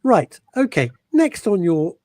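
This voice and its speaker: Male radio host, fairly high voice with lots of swing, bantering showbiz chat, very dry close mic. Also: slow pace, no echo. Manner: jokey, animated, mimics voices for effect.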